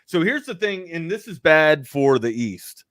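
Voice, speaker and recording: A man's voice: fairly high pitch, big pitch swings, a little slow, a bit bright, no echo. Chatty male sports co-host, dry sound. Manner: loose and conversational, with frequent filler words. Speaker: sports talk show co-host. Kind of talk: casual sports chat on a live stream.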